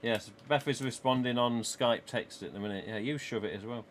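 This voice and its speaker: A man with an English East Midlands accent live streams from a small home office, chatting casually and rambling with viewers while laughing often. His mid-range voice is fairly quick, with a little hiss or hum on the recording.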